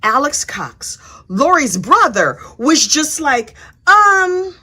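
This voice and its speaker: A woman's voice: sits high, very animated, takes it slowly, bright, forceful tone. A woman giving a sassy, chatty, casual recap of a trial, acting out the people she quotes. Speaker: true crime commentator. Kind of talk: casual true crime recap.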